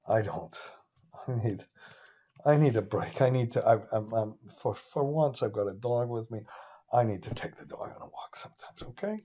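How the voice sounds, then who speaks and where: A man giving a casual, rambling lecture on a screen share, excitable and often interrupting himself. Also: mid-range voice, moderate pace, lo-fi sound. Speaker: finance instructor.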